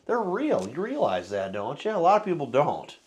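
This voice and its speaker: A man rambles playfully through a relaxed chat with a co-host while trying out drinks. His voice sits a bit high and swings widely in pitch. He keeps an animated energy throughout. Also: moderate pace.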